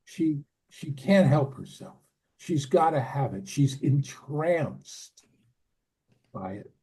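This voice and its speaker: An older man teaching a relaxed, conversational Bible lesson, with asides and soft laughs. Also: a little high, slow pace, breathy edge, poor audio. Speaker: Torah teacher.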